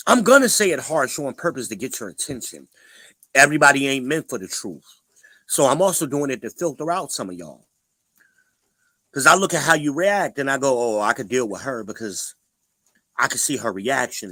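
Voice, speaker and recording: A man's voice: fairly high pitch, sharp tone, no echo, low-quality recording. A man hosting a casual livestream, talking bluntly and preachily to the viewers in the chat. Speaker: livestream host.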